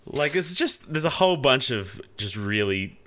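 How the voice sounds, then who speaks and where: A man co-hosting a film review podcast, giving measured, considered opinions in casual chat. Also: mid-range voice, very animated, a crowd in the background. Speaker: podcast co-host reviewing films.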